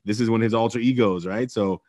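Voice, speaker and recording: A man hosting a podcast, talking in a reflective, casual way and letting his sentences trail off softly. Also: on the low side, steady tone, fast talker. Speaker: podcast host. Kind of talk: casual interview chat.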